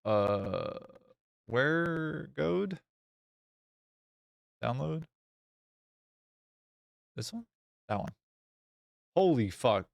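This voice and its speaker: A man streaming a game live, chatting casually in an excitable, self-mocking and sarcastic way. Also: medium pitch, drawn-out words, vocal fry, pauses often, no room sound. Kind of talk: live gameplay stream chat.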